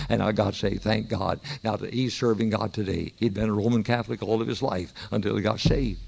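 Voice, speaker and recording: A man's voice: on the low side, steady tone, fairly quick, creaky, few pauses, darkish tone, breathy edge. An older man, preaching a sermon and telling stories with emphatic exhortation. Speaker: pastor.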